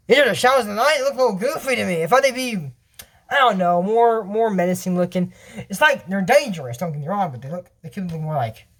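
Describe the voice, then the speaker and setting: Excitable man rambling through a cartoon recap. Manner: rambling, excitable, acts out characters' lines with jumps in pitch. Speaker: episode recap commentator. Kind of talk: casual cartoon episode recap.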